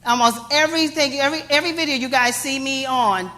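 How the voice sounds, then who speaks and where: A woman life coach speaks in a high, bright voice. She delivers a motivational talk with emphatic, playful energy. She drives her points home by repeating phrases. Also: quick pace.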